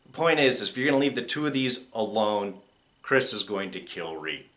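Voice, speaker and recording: A man reviewing a TV episode in a casual spoken way, chatty and quick to act out characters' lines in mock voices. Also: lowish voice, expressive, bright, forceful tone. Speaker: TV show reviewer.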